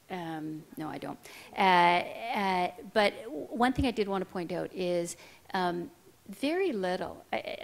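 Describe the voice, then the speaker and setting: A middle-aged woman giving a speech, telling a personal story to an audience in a candid, self-deprecating way. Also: on the low side. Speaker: keynote speaker.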